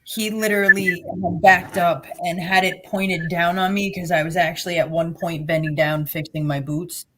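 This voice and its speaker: A woman's voice: fairly low pitch, steady tone, normal speed, hardly any pauses, a bit bright, a little hiss or hum. A middle-aged woman from New Jersey with a Jersey accent, bluntly and sarcastically telling her own story as a guest. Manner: blunt, sarcastic, plain-spoken. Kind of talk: personal storytelling.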